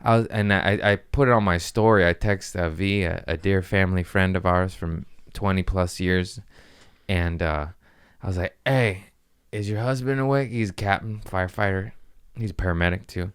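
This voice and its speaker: A man hosting a comedy podcast, telling a story casually, profane and animated, acting out the people he quotes. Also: deep voice, normal speed, clean tone.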